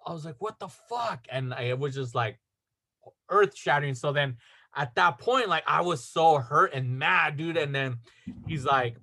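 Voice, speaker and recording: A man's voice: on the high side, moderate pace, creaky, bright, forceful tone. A man telling a story in casual chat, rambling with lots of fillers and acting out the dialogue. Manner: rambling, filler-heavy, acts out quoted dialogue. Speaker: podcast storyteller.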